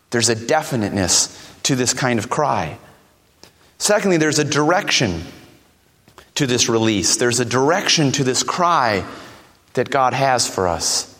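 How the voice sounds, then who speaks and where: A man's voice: mid-range voice, sing-song, measured pace, long pauses, a bit bright, long reverb tail. A man preaching a sermon, earnest and urgent, acting out the words of people who pray. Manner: earnest, acts out prayers and voices of doubters.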